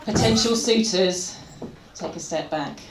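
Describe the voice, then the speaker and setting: A woman performing stand-up live, with a wry, pun-loaded delivery and plenty of chat with the crowd. Her voice carries through a roomy venue, and a clear murmur of the audience sits behind it. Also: medium pitch, a little slow. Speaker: stand-up comedian. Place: comedy venue stage. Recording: echoey venue with crowd noise.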